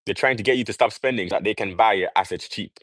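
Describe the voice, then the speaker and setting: A man's voice: fairly low pitch, fast talker, fairly bright tone, dry recording, rough recording. A young man from Jamaica talking on a livestream, preaching in an emphatic way and firing off rhetorical questions. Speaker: livestream host. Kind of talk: casual livestream monologue.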